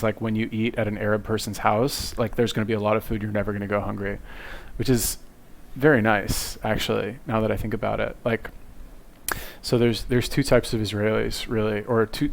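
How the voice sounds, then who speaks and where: A man's voice: fairly low pitch, gravelly. A young man giving rambling, profane reaction commentary from his cluttered bedroom into a webcam, full of fillers and self-mockery. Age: young adult. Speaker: video commentator.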